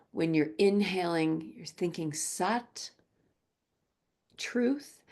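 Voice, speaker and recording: A woman teaching a gentle yoga class, speaking softly and slowly. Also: fairly low pitch, gravelly. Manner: slow, soft-spoken, drifts into quiet chanting.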